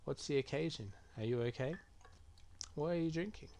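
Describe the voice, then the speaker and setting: A man's voice: on the high side, normal speed, darkish tone, slight background noise. Man reading game chat over typing. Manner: muttering, reads out message options and reacts. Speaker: gaming streamer. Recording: keyboard typing clearly heard. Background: keyboard clicks and typing.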